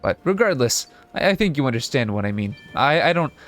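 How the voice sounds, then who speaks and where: A man's voice: medium pitch, big pitch swings, a bit bright, soft background music. Rambling young man, mild Canadian accent. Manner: rambling, halting, self-correcting. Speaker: gaming video host. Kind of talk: casual let's-play commentary.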